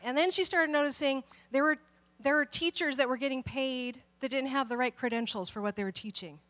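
A woman's voice: high voice, brisk. A woman pastor giving a conversational sermon, telling stories and acting out the people in them. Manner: animated storytelling, acts out quoted people.

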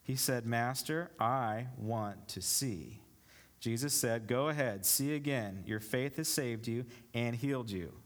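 A man's voice: mid-range voice, normal speed, few pauses. A male pastor preaching a sermon, reading scripture aloud and explaining it with rhetorical questions to the congregation. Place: church.

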